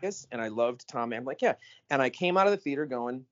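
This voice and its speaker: A man co-hosting a podcast in casual chat, animated and emphatic, often cutting in. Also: mid-range voice, a little hiss or hum. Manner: animated, emphatic, quick to interrupt. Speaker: podcast co-host. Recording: slightly dull lo-fi audio.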